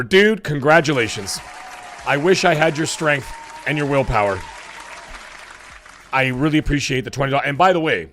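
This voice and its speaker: A man with a hoarse, cracking voice hosting a live stream, chatting casually and rambling with fillers as he thanks viewers. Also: mid-range voice, animated, moderate pace, pauses often, a bit bright, a faint crowd, a little hiss or hum. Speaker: livestream show host.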